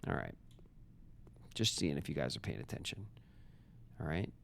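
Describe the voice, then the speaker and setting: A man's voice: very deep voice, very animated, moderate pace, vocal fry, a bit bright, a little hiss or hum. A man streaming a puzzle game live, talking casually and rambling with restarts, joking with his chat as he plays.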